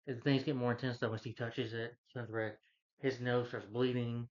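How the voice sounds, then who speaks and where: A man's voice: mid-range voice, little pitch movement, moderate pace. A man giving a casual, rambling plot recap as a movie reviewer, with many restarts and "you know" fillers. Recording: dull lo-fi recording.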